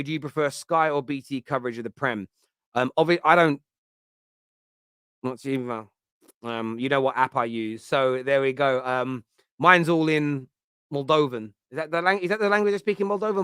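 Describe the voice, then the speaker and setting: A man's voice: on the high side, a bit bright, clear, resonant tone, dry recording, studio quality. A man, hosting a casual football chat show in a joking, rambling way with many fillers. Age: 30s. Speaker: host.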